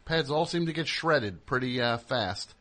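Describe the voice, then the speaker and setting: A man's voice: mid-range voice, animated, unhurried, bright, forceful tone. A man hosting a radio show, rambling and joking, interrupting himself as he talks into a studio mic. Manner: rambling, jokey, self-interrupting. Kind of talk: casual radio monologue.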